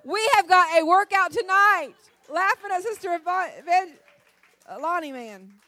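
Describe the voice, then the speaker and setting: A middle-aged woman speaks at a church women's gathering, mixing scripture with jokes in an animated, laugh-filled way. Her voice sits high, and the close mic keeps it dry and free of room sound. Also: normal speed, no echo. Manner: animated, laughs often, sings snippets. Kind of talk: humorous devotional talk.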